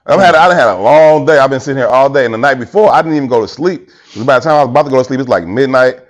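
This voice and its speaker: A man's voice: mid-range voice, very fast. A tired man co-hosting a podcast, telling a story in casual chat and acting out quotes. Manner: animated, acts out quotes, laughs often. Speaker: podcast co-host.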